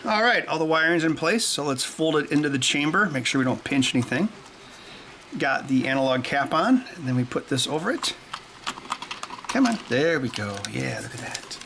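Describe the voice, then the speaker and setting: A man's voice: fairly high pitch, lively intonation, moderate pace, vocal fry, a bit bright, slight background noise. A man hosting a workshop vlog, rambling offhand while he wires up a controller. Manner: rambling, offhand, jokey asides. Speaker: host.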